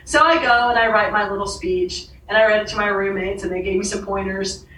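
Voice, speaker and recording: A woman with a bright, forceful voice tells a lively personal story, laughing often and putting on the voices of the people she quotes. She sits a little back from the mic in an echoey room, with faint ambience behind her. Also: mid-range voice, fairly quick, recorded from a distance, a little hiss or hum. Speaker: author and podcast guest. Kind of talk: storytelling in a conversation.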